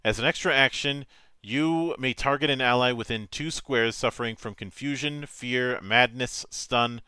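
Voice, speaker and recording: A man acting as game master, reading tabletop game rules aloud in a measured, matter-of-fact way with small stumbles. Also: medium pitch, pushed and bright, clear, resonant tone, no room sound.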